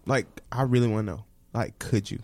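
A man's voice: fairly low pitch, brisk, darkish tone, no echo. A man hosting a podcast, talking bluntly and frankly in casual slang. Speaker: podcast host.

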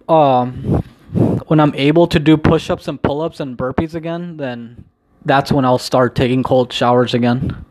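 A young man speaks in a mid-range voice as he paces indoors, filming a casual daily vlog. He rambles and hesitates, drops in the odd swear word, and sounds low-key and somewhat downcast. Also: darkish tone. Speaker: vlogger. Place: indoors at home, pacing back and forth.

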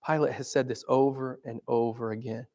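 A man's voice: mid-range voice, fairly even intonation, a little fast, a little mellow. A man preaching a sermon in a conversational way, asking his listeners questions.

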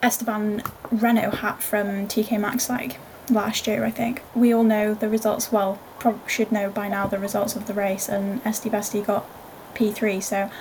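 A woman's voice: medium pitch, flat delivery, normal speed, darkish tone, a little hiss or hum. A young woman co-hosting a podcast, chatting in an easygoing, rambling way. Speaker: podcast co-host. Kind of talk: casual chat.

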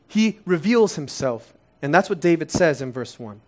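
A man's voice: on the high side, big pitch swings, normal speed, a little mellow. A man in his thirties, originally from Korea, preaching a conversational sermon full of rhetorical questions. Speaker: pastor.

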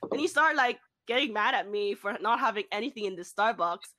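Bright-voiced young woman telling a story. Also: medium pitch, brisk, no room sound. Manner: animated storytelling, swears. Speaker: friend telling a work story. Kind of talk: casual chat.

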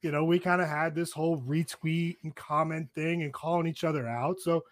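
A man's voice: fairly high pitch, steady tone, normal speed, no room sound. A man co-hosting a sports radio show in casual chat, laid-back and rambling, peppering his talk with "man" and "you know". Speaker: radio co-host.

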